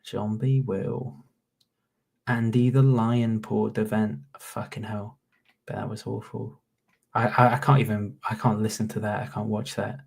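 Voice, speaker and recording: Northern english youtuber, late 20s, sweary rambling, gravelly. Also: male voice, lowish voice, flat delivery, a little slow, a little mellow. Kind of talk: casual reaction commentary.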